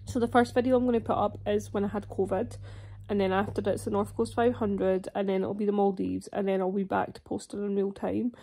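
A young Scottish woman chats to her camera at home while ill with a sore throat and a cough. She rambles in a candid, casual way, full of "um" and "like." Her voice sits at an ordinary middle pitch for a woman. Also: dark tone. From Scotland. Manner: chatty, rambling, candid, with many fillers. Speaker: vlogger. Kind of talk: casual vlog chat to camera.

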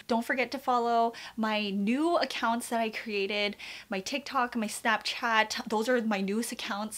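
A woman's voice: on the high side, a bit bright. A young woman vlogging casually, gushing and often dropping into whispers. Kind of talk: casual haul vlog.

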